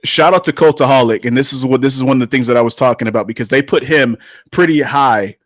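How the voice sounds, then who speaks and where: A man's voice: medium pitch, quick pace, no echo. A man hosts a casual panel chat, reading stats off a list and restarting his sentences often. His voice sits mid-range and is recorded dry and close. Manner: reads out stats, many restarts and fillers. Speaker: host running the tier list.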